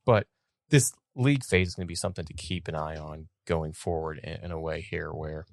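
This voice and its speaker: A man co-hosting a casual podcast, relaxed, reading out bits from articles and notes. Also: a bass voice, brisk, gravelly, dry recording, clean studio sound. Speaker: podcast co-host. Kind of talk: casual chat.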